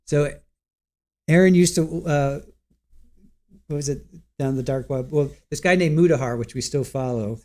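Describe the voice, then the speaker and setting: A man's voice: a little high, normal speed, pauses often, a little mellow. A man in his forties hosting a casual livestream, rambling, stumbling over words and reading viewer comments aloud. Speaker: livestream host.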